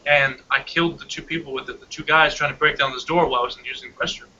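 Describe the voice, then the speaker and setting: A young man chats casually with a very bright, slightly raised voice, telling a story with animated energy. The audio is dull and lo-fi, as on an online call. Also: fairly high pitch, quick pace. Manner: animated storytelling, laughs often. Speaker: hangout participant. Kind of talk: casual chat.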